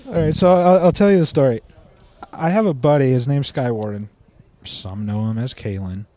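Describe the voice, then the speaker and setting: A man's voice: mid-range voice, moderate pace. A middle-aged American man, a drummer guest, telling stories in a casual chat and laughing often. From United States. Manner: animated storyteller, laughs often.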